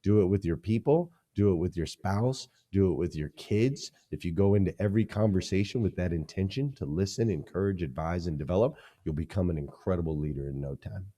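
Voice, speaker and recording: Deep-voiced, energetic male leadership coach. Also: brisk, few pauses. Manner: energetic, emphatic teaching with punchy repeated phrases. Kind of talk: podcast interview.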